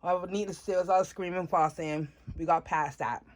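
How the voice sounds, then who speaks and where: A woman's voice: fairly low pitch, a little fast. A woman casually telling her life story to camera, chatting with viewers and checking in with them often. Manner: animated retelling, voices shift up and down. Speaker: doll hobby vlogger.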